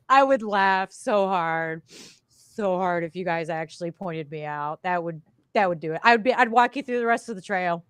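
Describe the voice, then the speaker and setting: A woman guest on a casual podcast, telling lively stories, acting out what people said and laughing often. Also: lowish voice, moderate pace, clear, resonant tone, dry recording, studio quality. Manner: animated storyteller who acts out quotes and laughs often. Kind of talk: casual chat, storytelling.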